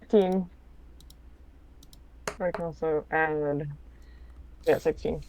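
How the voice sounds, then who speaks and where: A woman's voice: deep voice, fairly even intonation, slow, a little mellow, a little hiss or hum. A woman playing a tabletop game, joking and laughing in short asides. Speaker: player.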